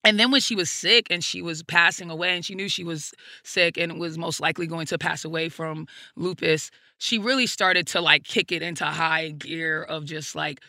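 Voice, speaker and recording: With a lowish, pushed, bright voice at a moderate pace, a woman comedian is interviewed as a guest, captured in a dry recording with clean studio sound. She shares personal stories candidly and thoughtfully, full of "like" and "you know" plus offhand cursing.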